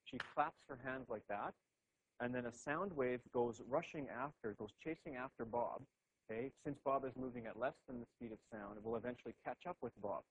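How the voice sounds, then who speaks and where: A man's voice: medium pitch, a little fast, breathy edge, lo-fi sound. A man giving a classroom physics lecture at a board, thinking aloud with frequent restarts and "okay"s.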